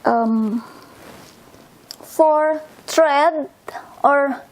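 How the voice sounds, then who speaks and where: A woman with an Indonesian accent teaches in a relaxed video lesson. Her voice sits high and she takes her time, explaining each word patiently. She speaks English as a second language. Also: low-quality recording. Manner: slow, patient explaining, pointing at body parts.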